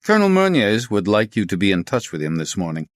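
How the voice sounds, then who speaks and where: A man's voice: on the low side, wildly swooping pitch, fast, no echo, clean studio sound. A man reading a courteous formal colonel. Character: polite, measured male Latvian police colonel.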